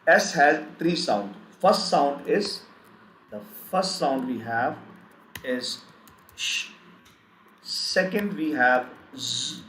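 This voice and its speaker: A man teaching a live online language lesson, slowly repeating example words again and again. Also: on the high side, fairly bright tone, roomy sound, a little hiss or hum, rough recording. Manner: slow, repetitive, drills word lists.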